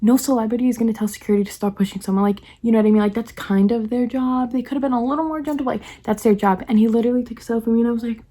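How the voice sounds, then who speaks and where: A young woman from the New York area races through a personal story on her vlog, packing every sentence with "like" and acting out each line she quotes. Her voice sits a little high but has a mellow, dark color. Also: fairly even intonation. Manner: rapid, chatty, heavy use of "like", acts out quoted lines. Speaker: vlogger.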